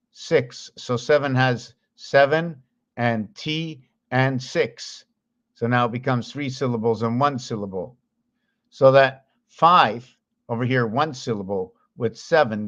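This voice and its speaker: A man's voice: mid-range voice, highs cut off. A man explaining number patterns in a rambling way, thinking aloud, counting and correcting himself as he goes. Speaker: video host.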